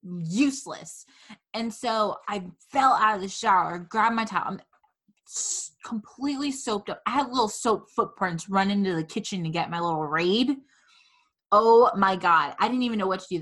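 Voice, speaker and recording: Woman, podcast host, casual chat, dramatic profane storytelling, bright tone. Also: medium pitch.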